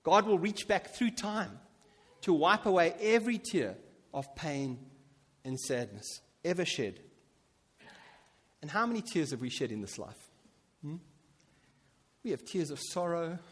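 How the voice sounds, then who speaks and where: High-voiced male preacher in a reverberant hall. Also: a little slow, long pauses, husky. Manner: animated, rising to emphatic peaks and dropping to soft asides. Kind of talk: sermon.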